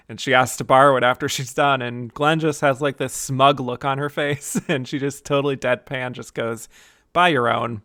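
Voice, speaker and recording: Bright-voiced man hosting a film podcast. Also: mid-range voice, smooth, no echo, studio quality. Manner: chatty, wry, laughs often. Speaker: podcast host. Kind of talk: casual chat about a film.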